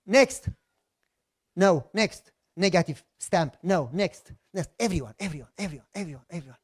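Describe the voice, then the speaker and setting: Pastor guy, pretty high voice, tells his story big and plays out every back and forth. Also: a little fast, slightly rough. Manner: dramatic storytelling, acts out both sides of dialogues. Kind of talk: sermon storytelling.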